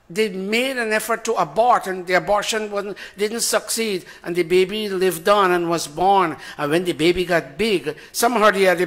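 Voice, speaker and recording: A man preaching a sermon, emphatic and animated, swinging from loud to soft. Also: fairly high pitch. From Guyana. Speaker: spiritual teacher.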